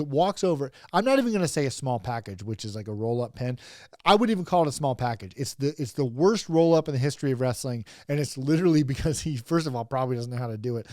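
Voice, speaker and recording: A man's voice: a little high, darkish tone, no echo, clean studio sound. A young man hosting a wrestling review, rambling casually, chuckling often and swearing freely. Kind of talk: casual comedic commentary.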